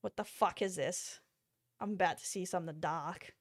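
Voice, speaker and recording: A woman's voice: fairly low pitch, normal speed. A young Australian woman streaming, chatting casually while reacting to videos, blunt and profane, breaking into laughter often. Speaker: VTuber streamer.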